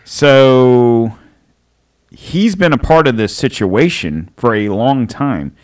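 Man co-hosting a podcast, loose and jokey, mid-pitched, rambles in casual chat. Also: animated, slow. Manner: joking, rambling, laughs often. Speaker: podcast co-host.

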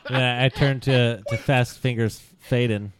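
A man's voice: mid-range voice, fairly even intonation, measured pace, a loud crowd. A man playing a tabletop game, hesitant and joking, swearing casually. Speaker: player.

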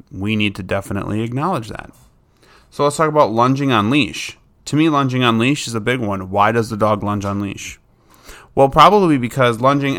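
A man in the role of a dog trainer talks through problem behaviors in a relaxed, conversational manner. His voice sits at an ordinary middle pitch. He is plain-spoken and informal, and now and then he voices what a dog might be thinking. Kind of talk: casual instructional talk.

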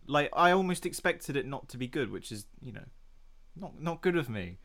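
Rambling man, mid-pitched voice. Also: animated, fast talker, fairly bright tone. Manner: rambling, hesitant, retells chats with voices. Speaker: podcast co-host. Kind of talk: casual film review chat.

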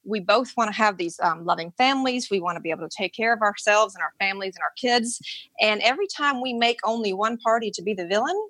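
Author guest, woman, mid pitch, explanatory coaching manner, dry close sound. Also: quick pace, a bit bright, dry recording. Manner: explanatory, coaching tone, checks understanding. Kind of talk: conversational interview.

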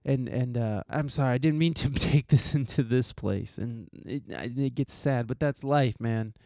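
A man's voice: mid-range voice, moderate pace, creaky, warm tone, no echo, clean studio sound. A man hosting his own podcast, talking in an earnest, heartfelt way with casual swearing and lots of restarts. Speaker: podcast host. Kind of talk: solo podcast talk.

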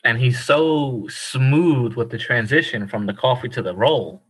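An Irish man co-hosting a casual comedy chat, excitable and slangy, often breaking into laughter. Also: medium pitch, unhurried, husky, low-quality recording. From Ireland. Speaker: podcast co-host.

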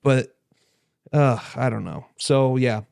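A man's voice: medium pitch, takes it slowly, gravelly, a little mellow, smooth, no echo, studio quality. A man co-hosting a podcast in casual chat, laid-back and hesitant, with lots of fillers. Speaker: podcast co-host.

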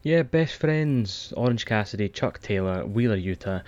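A man's voice: fairly low pitch, animated, moderate pace, darkish tone, no room sound. A man, co-hosting a podcast in a laid-back, blunt and sweary way. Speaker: podcast co-host. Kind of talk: casual wrestling podcast chat. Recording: dull lo-fi mic.

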